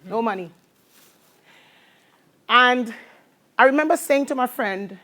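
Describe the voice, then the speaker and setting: A woman with a Trinidadian accent giving an animated motivational talk to a live audience, telling her story and drawing call-and-response from the crowd. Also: on the high side, slow, long pauses. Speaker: motivational speaker.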